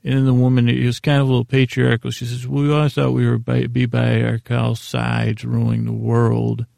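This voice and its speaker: Gravelly low-key man recapping a show. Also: completely flat delivery, normal speed, darkish tone, dry recording, clean studio sound. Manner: rambling, paraphrases scenes loosely with fillers. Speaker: podcast host recapping an episode. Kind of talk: casual episode recap.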